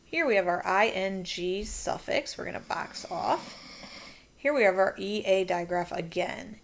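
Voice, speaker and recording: A woman's voice: medium pitch, expressive, a little slow, slight background noise. A woman teacher talking students through a phonics coding lesson, patient and encouraging.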